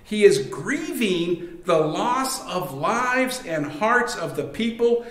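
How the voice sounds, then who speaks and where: A pastor giving a sermon in a conversational way, with many fillers and restarts. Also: male voice, high-pitched, very animated, slow, a bit bright. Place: church sanctuary. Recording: echoey church room.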